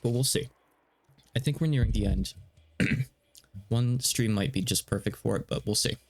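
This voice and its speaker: A man's voice: mid-range voice, normal speed. A man streaming a game, chatting in a casual, rambling way that slightly stutters. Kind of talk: casual let's-play commentary.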